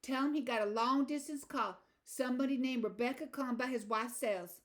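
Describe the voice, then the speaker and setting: A woman voicing a sharp, curt woman who answers the phone with no time to spare. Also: sits high, brisk, lightly acted.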